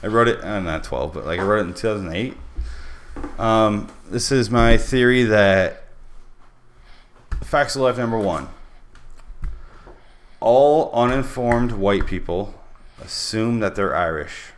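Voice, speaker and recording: A man's voice: lowish voice, a little slow, long pauses. A man hosting a podcast in casual chat with friends, rambling and swearing freely. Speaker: podcast host.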